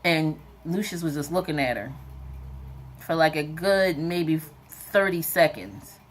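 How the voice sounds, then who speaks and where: A woman giving a casual, animated recap of a TV episode, full of "like" and "whatever" and bursts of acted-out lines. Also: low-pitched, unhurried. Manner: chatty and animated, acts out characters' lines; frequent fillers like "like" and "whatever". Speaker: TV episode reviewer.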